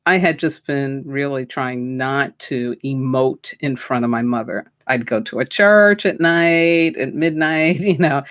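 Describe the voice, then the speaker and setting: A woman host and spiritual teacher telling a personal story in a slow, reflective, heartfelt way and offering a prayer. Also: extremely low pitch, no echo, studio quality.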